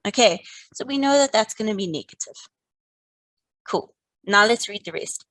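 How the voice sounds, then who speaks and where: A woman teaching a live online maths lesson, calmly and encouragingly talking students through each step. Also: mid-range voice, normal speed, no room sound, rough recording. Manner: encouraging, calm, talks students through steps.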